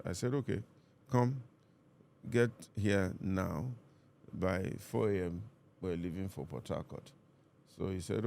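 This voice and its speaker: Nigerian male pastor, very low gravelly voice, calm measured storyteller. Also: slight background noise. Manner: calm, measured, reenacts dialogue. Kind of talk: reflective storytelling in conversation.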